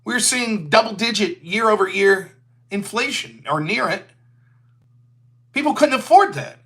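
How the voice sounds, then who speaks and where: Sarcastic guy ranting on his own show, bright edgy voice, pitch bouncing all over. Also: lively intonation, unhurried. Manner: sarcastic, mocking, puts on silly voices to mimic opponents. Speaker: show host. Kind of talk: solo political commentary.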